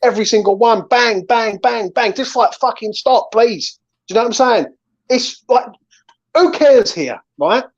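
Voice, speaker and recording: A man's voice: very high voice, expressive, moderate pace. A man hosting a fan channel, ranting and swearing in an angry chat after a match. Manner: ranting, swearing, keeps saying "right?" and "mate". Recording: slightly dull lo-fi sound.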